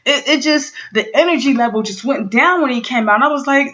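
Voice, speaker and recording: A woman's voice: sits high, fast. A woman in her thirties ranting casually and profanely to her viewers as she recaps an awards show. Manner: profane, excitable, talking straight to viewers. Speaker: vlogger. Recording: dull lo-fi home recording.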